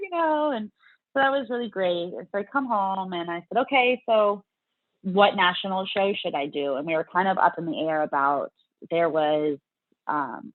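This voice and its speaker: A woman's voice: lowish voice, no room sound. Chatty woman on a tinny line. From Louisiana, US South. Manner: chatty, acts out her own past reactions in quotes. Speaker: interview guest, fitness competitor. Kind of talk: casual interview storytelling. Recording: dry, tinny phone-like line.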